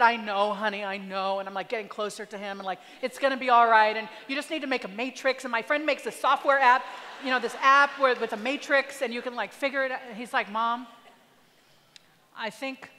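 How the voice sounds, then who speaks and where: High-voiced woman telling stories in a hall. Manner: animated, acts out family dialogue. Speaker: guest speaker. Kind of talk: storytelling keynote talk. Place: large hall. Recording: reverberant hall.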